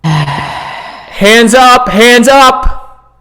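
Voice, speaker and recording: A man's voice: extremely high pitch, animated, extremely slow, pushed and bright, pitched above the performer's own voice, full character voice. A man voicing frantic police officers barking orders during a tabletop game. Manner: barked urgent commands. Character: frantic shouting male cops.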